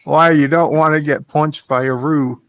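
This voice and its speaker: A man joking on a video call, hamming up a mock Australian bartender routine with dry, deadpan delivery. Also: fairly high pitch, normal speed, no echo. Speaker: pub chat regular. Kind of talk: joking banter in a virtual pub show.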